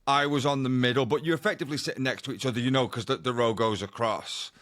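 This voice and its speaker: A male podcast co-host tells a rambling anecdote in casual chat, talking fast in a medium-pitched, steady, fairly bright voice. The recording is dry and studio quality.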